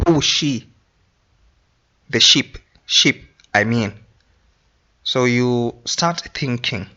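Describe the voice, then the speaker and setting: A man teaching an English grammar lesson, explaining slowly and repeating each example sentence. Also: medium pitch, pushed and bright, lo-fi sound.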